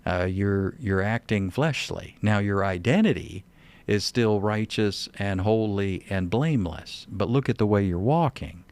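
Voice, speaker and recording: A man's voice: fairly low pitch, unhurried, a little mellow. A man with a Texan accent, hosting a show and answering a listener's question about scripture in an earnest, step-by-step way. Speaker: Bible teacher and radio show host.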